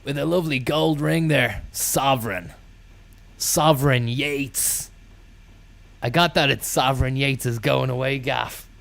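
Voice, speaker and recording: A man, telling rambling deadpan comic stories full of swearing and trailing mumbles. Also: medium pitch, unhurried, gravelly. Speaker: comedian.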